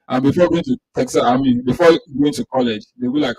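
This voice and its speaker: A man speaks conversationally to a mosque gathering, his voice gravelly and full of rises and falls. He fills gaps with ums and likes as he builds his points. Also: on the high side, big pitch swings, fast talker, darkish tone, low-quality recording. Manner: conversational, with many fillers. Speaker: community speaker. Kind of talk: informal talk to a mosque gathering.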